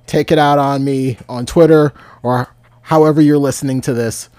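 A man's voice: mid-range voice, steady tone, normal speed, darkish tone, clean tone, dry recording. A man around thirty co-hosting a podcast, joking and laughing easily in casual chat. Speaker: podcast co-host.

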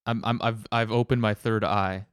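A man co-hosting a podcast in casual chat, rambling with halting restarts and wry jokes. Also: on the low side, steady tone, clear, resonant tone, no room sound, clean studio sound.

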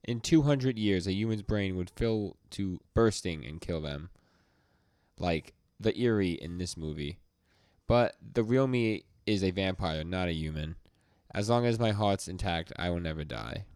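A man reading out the lines of a calm, eerie young vampire girl in a slow, deliberate voice. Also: sits low, smooth, no echo, clean studio sound. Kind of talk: reading a character's lines aloud.

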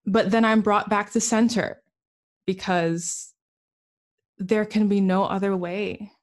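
A woman's voice: mid-range voice, fairly even intonation, slow pace. A woman with a Caribbean accent, a musician and healer speaking earnestly and reflectively as a guest, with easy laughter. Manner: earnest, soulful, laughs easily. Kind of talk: reflective podcast conversation.

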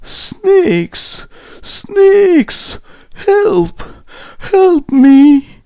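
A man voicing a proud male lion who brags in a gruff tone and pleads in high wailing cries. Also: very animated, slow, dry recording, full character voice. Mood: pleading. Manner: swings from gruff boasting to high wailing pleas.

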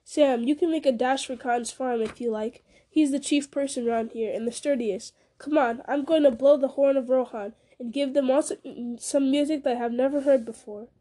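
A woman's voice: high voice, fairly even intonation, moderate pace, few pauses, mellow. Brief: woman voicing a decisive, urgent young hobbit, storybook reading. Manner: urgent, commanding. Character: bold young male hobbit leader.

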